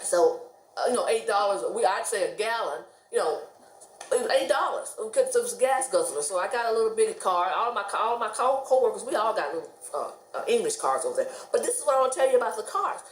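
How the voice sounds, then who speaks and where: A woman's voice: mid-range voice, quick pace, echoey room. A middle-aged woman from the United States telling stories casually to camera, chatty and laughing often. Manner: chatty, laughs often, animated quoted voices. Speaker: vlogger.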